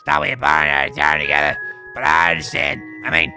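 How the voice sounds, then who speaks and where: Dude voicing a mean mocking bully, super gravelly voice, game music playing. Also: male voice, rumbling low, big pitch swings, brisk, heavily acted. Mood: taunting. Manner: mocking and taunting. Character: sneering cruel young male bully. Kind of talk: live-streamed game voice reading.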